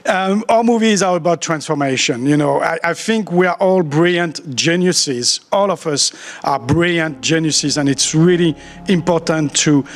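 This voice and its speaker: A man's voice: a little high, moderate pace. Playful French man speaking on stage. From France. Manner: chatty, playful, self-mocking. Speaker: conference speaker. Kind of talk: conference talk. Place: large auditorium.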